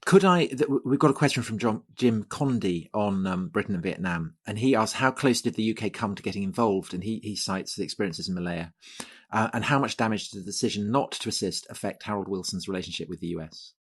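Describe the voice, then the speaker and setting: A man co-hosting a history podcast, asking quick questions and reading out listener questions. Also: fairly low pitch, lively intonation, slightly rough. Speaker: podcast co-host.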